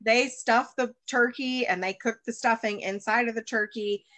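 A woman's voice: on the high side, fairly even intonation, moderate pace, fairly bright tone, no echo. A woman in her thirties from the United States, a baker and chef, talking as a guest in a casual interview and rambling with many fillers and restarts.

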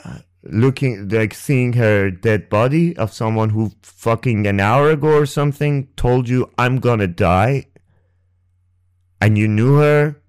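A man hosting a podcast and telling a painful personal story. He speaks haltingly and emotionally, restarts often and swears, close to the mic. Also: lowish voice, darkish tone, clean tone, no echo. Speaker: podcast host. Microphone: close ASMR microphone.

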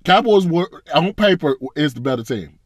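A man's voice: fairly high pitch, expressive, normal speed, no room sound, studio quality. A man ranting as a fan, blunt and profane, in a casual, frustrated reaction. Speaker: sports fan commentator.

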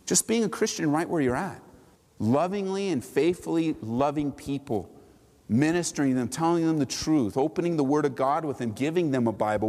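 A man preaching a sermon to his church, animated and full of rhetorical questions. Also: fairly high pitch, big-room sound. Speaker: pastor.

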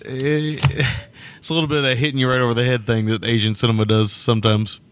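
A man co-hosting a podcast, chatting casually about films, easygoing and quick to laugh. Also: medium pitch, level tone, clean tone. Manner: easygoing, laughs often, agreeable. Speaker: podcast co-host. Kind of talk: casual film-review chat.

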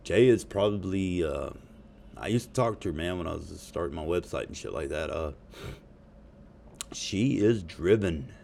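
A man's voice: low-pitched, animated, normal speed, vocal fry, darkish tone, slight background noise. A man rambling profanely and jokingly in a casual monologue to his audience. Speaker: vlogger.

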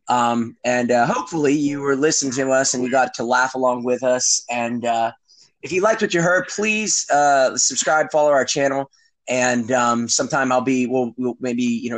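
A man's voice: mid-range voice, fairly bright tone, poor audio. A man hosting a podcast in casual chat, rambling and profane, with many fillers and restarts. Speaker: podcast host.

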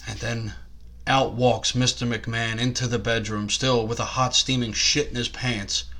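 A man's voice: medium pitch, little pitch movement, moderate pace, sharp tone. A man co-hosting a casual comedy podcast, telling rambling, crude stories. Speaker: podcast co-host.

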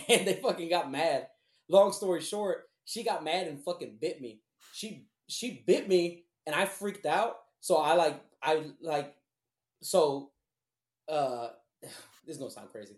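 A man's voice: a little high, lively intonation, normal speed. A man telling a long personal story in a blunt, profane, rambling way. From Houston, Texas. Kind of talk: casual storytelling. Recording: echoey room.

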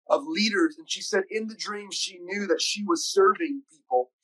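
High-voiced man telling an earnest story. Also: a bit bright, husky, low-quality recording. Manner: earnest, emotional, quick bursts when recounting. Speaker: podcast host and school preacher. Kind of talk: personal storytelling in conversation.

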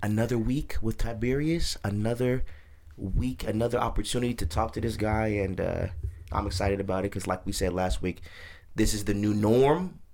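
A man hosting a podcast in casual chat, animated and profane as he talks over a fight on screen. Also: lowish voice, moderate pace, gravelly. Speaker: podcast host.

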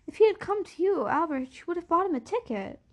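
A woman's voice: very high voice, sing-song, fairly quick, voice pushed up. A woman reading aloud, voicing an anxious, reasonable mother in a storybook, with pleading, rising questions. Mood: worried.

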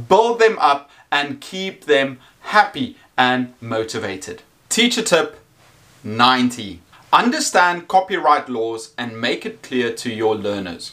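Male teacher, bright forceful tone, slightly high voice, earnest instructive delivery. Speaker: teacher giving tips. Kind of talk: scripted teaching advice.

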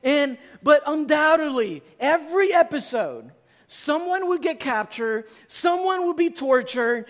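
High-voiced pastor preaching to his congregation. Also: a little slow. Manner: animated storytelling, acts out his own reactions. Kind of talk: sermon.

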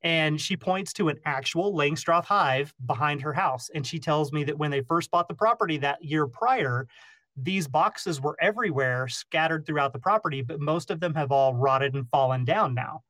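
A lively man telling stories on a podcast, his pitch a touch high. He acts out the people in his tale and jokes at his own expense. The sound is dry and close. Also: moderate pace, no room sound. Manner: animated, self-deprecating storyteller who acts out quotes. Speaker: beekeeper and podcast host. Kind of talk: casual storytelling interview. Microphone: remote call recording.

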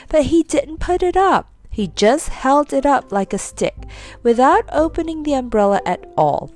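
Woman storyteller, animated pitch, soft music behind. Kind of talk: reading a children's story aloud.

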